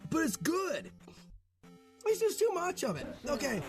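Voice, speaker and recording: A man streaming a game and commenting live, excitable and shouting when he is thrilled. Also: very high-pitched, a little slow, vocal fry, soft background music.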